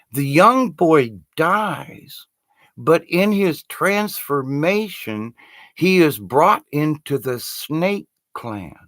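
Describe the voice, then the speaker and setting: A spiritual teacher with a fairly high voice tells stories in an animated, conversational style, often restarting his sentences. The sound is dry and close, with no echo.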